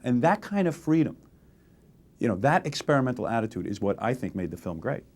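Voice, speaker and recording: A man in his forties in a candid interview, telling lively stories and acting out the exchanges he quotes. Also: medium pitch, brisk. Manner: animated storytelling, acts out quoted exchanges. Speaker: interview guest, radio host.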